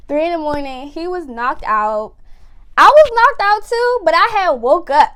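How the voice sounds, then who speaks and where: A young woman casually telling a personal story to camera, talking fast with lots of fillers and acting out what people said. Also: very high-pitched. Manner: fast, animated retelling with lots of "like" and acted-out quotes.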